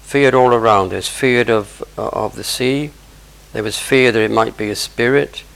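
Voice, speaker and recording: A man's voice: medium pitch, normal speed, creaky, fairly bright tone, poor audio. A man preaching a sermon, explaining scripture verse by verse with conversational asides.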